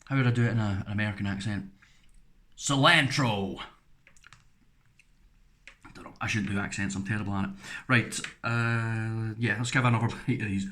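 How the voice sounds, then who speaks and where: A man's voice: on the low side, little pitch movement, fast, fairly bright tone. Frank, chatty English man reviewing food. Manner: frank, rambling, chatty asides. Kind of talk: casual product review.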